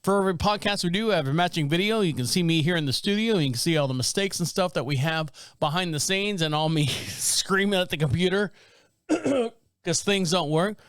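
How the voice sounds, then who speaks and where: A man's voice: high-pitched, brisk, a bit bright, clean tone, no echo. A middle-aged man hosting a podcast from a small studio, telling rambling stories in casual chat and laughing often. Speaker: podcast host.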